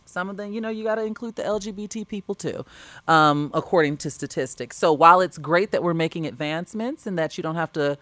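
A woman's voice: on the low side, quick pace, fairly bright tone, dry recording. A woman co-hosting a casual podcast, chatty and laughing, acting out quotes as she tells stories. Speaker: co-host.

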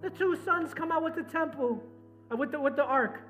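A man with a notably high voice preaches to his church. He moves from loud, pressing exhortation to quiet, low retelling of the story. Faint instrumental music plays beneath his words. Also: brisk. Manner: preaching with swings from loud and urgent to soft and low. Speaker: pastor. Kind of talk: sermon.

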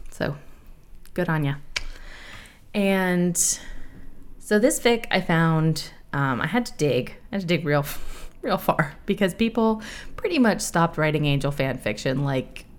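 A woman in her thirties hosting a podcast, chatting candidly and laughing often, with a profane, animated way of telling stories. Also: deep voice. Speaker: podcast host. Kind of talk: casual podcast chat.

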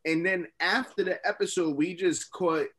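A man's voice: sits high, steady tone, normal speed, fairly bright tone, husky. A man co-hosting a podcast, reminiscing about a past episode in casual banter. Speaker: podcast co-host.

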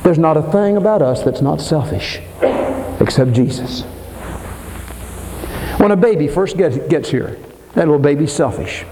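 An older man preaching a dramatic sermon in a church, swinging between soaring emphasis and low asides. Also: animated, normal speed, long pauses, mellow, slight background noise. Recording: long hall reverb.

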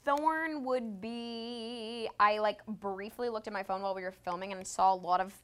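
A woman in her twenties co-hosting a podcast in casual chat, animated and laughing, slipping into sing-song. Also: mid-range voice, quick pace, smooth. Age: 20s. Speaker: podcast co-host.

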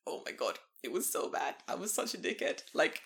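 A young man from the United Kingdom, co-hosting a podcast and telling swear-filled stories in a casual, animated way, acting out both sides of old arguments. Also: high voice, brisk, creaky, breathy edge. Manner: animated storytelling, swears often, acts out both sides of conversations. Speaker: podcast co-host. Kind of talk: casual chat.

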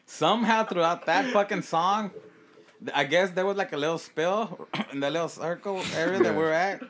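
A man's voice: sits high, normal speed, a bit bright. A man co-hosting a podcast, telling a story in a casual, profane way, laughing often and acting out what people said. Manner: profane, laughing storyteller who acts out quotes. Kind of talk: casual chat.

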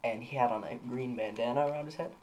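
A man's voice: medium pitch, fast, a little mellow, rough recording. Young guy rambling thru a story on a podcast, lots of likes and ums, bit of hiss behind. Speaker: podcast co-host. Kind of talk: casual chat.

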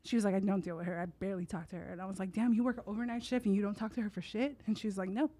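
A young woman talks fast in a casual podcast chat. She tells her stories with lots of life and slips into the voices of the people in them. Her voice sits at an ordinary middle pitch. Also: steady tone, mellow. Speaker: podcast guest.

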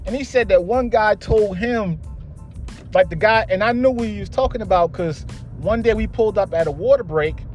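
Young man, high voice, podcast host, casual storytelling, profane, exasperated. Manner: heavy swearing, blunt and exasperated.

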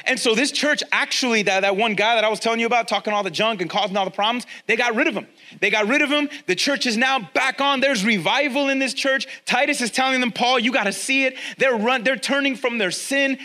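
A male pastor preaching a sermon to a church congregation, energetic and conversational, repeating key lines for emphasis. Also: extremely high pitch, quick pace, few pauses. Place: church with a congregation, also streamed online.

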